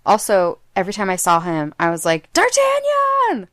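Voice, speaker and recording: A young adult woman co-hosting a podcast in casual chat, playful and teasing, reasoning her guesses out loud. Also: fairly low pitch, fairly even intonation, fairly quick, smooth. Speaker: podcast co-host.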